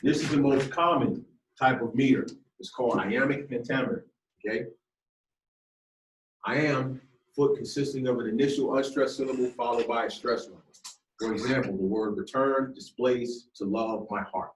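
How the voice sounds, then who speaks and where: A man's voice: mid-range voice, normal speed, slight background noise. A man teaching a class in conversational style, often turning questions to his students. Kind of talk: classroom lecture. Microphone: camera across the room. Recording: distant, echoey classroom sound.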